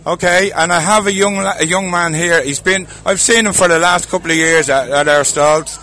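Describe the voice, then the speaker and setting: Irish male host, chatty festival walkabout, bright and slightly high voice. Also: fairly even intonation, moderate pace. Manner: chatty, jokey, laughs often. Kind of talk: casual walkabout interviews.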